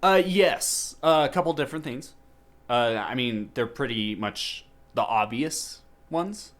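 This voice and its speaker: A male podcast host chats casually about a movie, rambling with lots of fillers and restarts. His medium-pitched voice is animated and a bit bright, at a measured pace.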